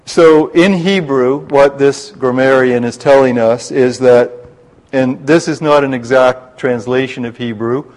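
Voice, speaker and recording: A man leading a Bible study class, explaining scripture in a measured way and slowing down to spell out terms and quotes. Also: mid-range voice, darkish tone, rough recording.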